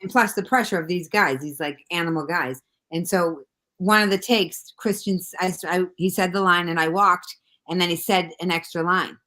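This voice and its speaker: A woman from Boston with a Boston accent, a comedian telling a story in casual podcast chat, quoting people as she goes. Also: on the low side. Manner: fast, animated anecdote-telling with acted-out quotes. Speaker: guest comedian.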